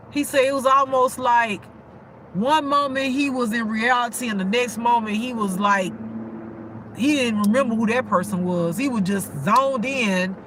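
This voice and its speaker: A woman's voice: a little high, fairly bright tone, a little hiss or hum. A woman giving a casual intuitive spiritual reading, emotional and repetitive, with frequent cursing.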